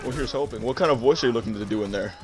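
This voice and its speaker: A man's voice: mid-range voice, racing, over music. A man from Louisiana hosting a game stream, asking laid-back questions and relaying chat. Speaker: streamer host.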